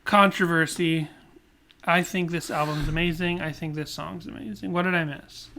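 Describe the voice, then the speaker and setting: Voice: medium pitch, steady tone, moderate pace, a bit bright, a little hiss or hum. A podcast co-host in casual chat, playful and jokey, often cutting in.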